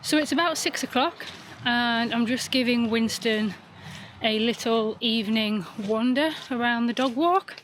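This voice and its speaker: A woman's voice: fairly high pitch, unhurried, slight background noise. A woman vlogging in a chatty, self-mocking way, sometimes talking to her dog. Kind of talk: casual vlog narration. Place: outdoors on a dog walk and in a campervan.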